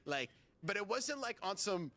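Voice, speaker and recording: A man's voice: sits high, normal speed, a little hiss or hum. A man telling a story on a casual podcast, swearing freely and acting out what people said. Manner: animated, profane storytelling with acted-out quotes.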